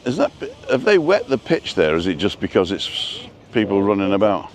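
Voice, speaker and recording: A man's voice: lowish voice, big pitch swings, moderate pace. A man hosting a casual live stream while walking outdoors through a seaside town, chatting and reading out viewers' names. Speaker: vlogger host.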